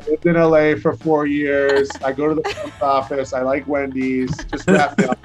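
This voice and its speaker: A man's voice: on the high side, flat delivery, moderate pace, faint music behind. A young man from Boston, a basketball player, chatting as a podcast guest and telling jokey stories. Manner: joking, storytelling. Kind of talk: casual podcast chat. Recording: dull lo-fi sound with faint noise.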